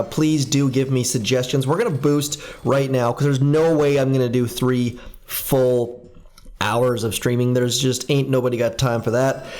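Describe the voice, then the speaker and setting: A man's voice: medium pitch, a little mellow. A man hosting a casual live stream, chatting upbeat and thinking aloud while he plays. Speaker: game streamer.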